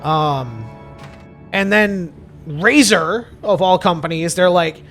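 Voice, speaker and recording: A man's voice: high-pitched, takes it slowly, faint music behind. A man giving casual gameplay commentary, ranting and swearing freely. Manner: ranting, profane, animated. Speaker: gaming YouTuber.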